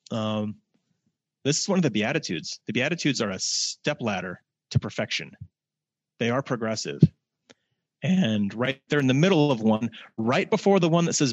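A man teaching a casual scripture lesson, reading verses slowly and adding plain-spoken asides. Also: mid-range voice, no echo. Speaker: religious teacher. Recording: dull lo-fi, dry sound.

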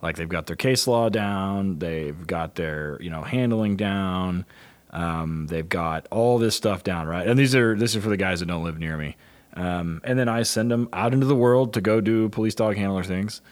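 A middle-aged man with a somewhat low voice talks in loose, casual chat. He is blunt and profane, and he tells stories with animated energy. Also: normal speed. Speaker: police dog handler trainer.

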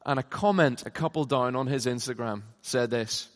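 A middle-aged man preaching a conference sermon, emphatic, swinging from loud passionate peaks down to low, quiet lines. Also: normal speed, hardly any pauses. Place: large conference hall. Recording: long hall reverb.

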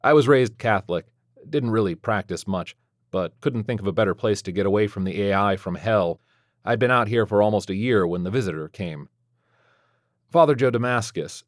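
A man's voice: on the low side, no echo. A man narrating a scripted first-person story in a sardonic, dryly witty manner. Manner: sardonic, dry wit.

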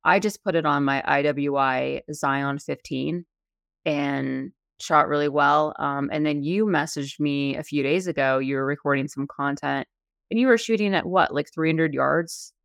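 Female co-host, chatty and gravelly, dry close mic. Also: low voice, unhurried, a bit bright, no echo. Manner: chatty, laughs easily, many fillers. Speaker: podcast co-host. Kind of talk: casual panel chat.

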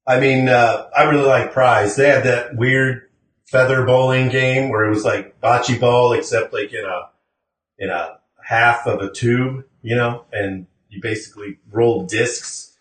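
A man's voice: mid-range voice, fairly even intonation, measured pace, a bit bright, far from the mic. A Midwestern American man co-hosting a podcast in casual chat, laid-back and trailing off with fillers. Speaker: podcast co-host. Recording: roomy sound from off-mic.

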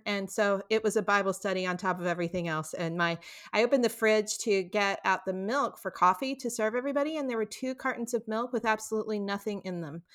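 A woman's voice: medium pitch, a bit bright. A middle-aged woman from Texas, a guest on a podcast interview, telling stories and acting out her own quoted lines. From Texas, USA. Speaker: guest author.

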